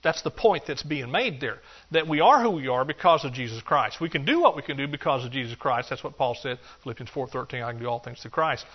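Animated male preacher, lo-fi sound. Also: quick pace, hardly any pauses. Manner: animated, jokey, acts out excuses in a higher voice. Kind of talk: sermon. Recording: dull lo-fi sound.

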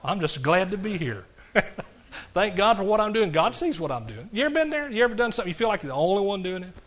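A middle-aged man, preaching a folksy, animated sermon to his congregation and often talking to them directly. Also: high-pitched, quick pace, dull audio. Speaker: pastor.

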